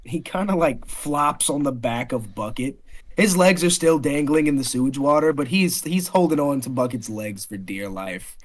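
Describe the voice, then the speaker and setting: A man's voice: medium pitch, lively intonation, normal speed. A man running a tabletop game as dungeon master, narrating loosely with laughter and swearing, and putting on character voices. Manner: loose, swearing, laughs often, slips into a rough drunk voice.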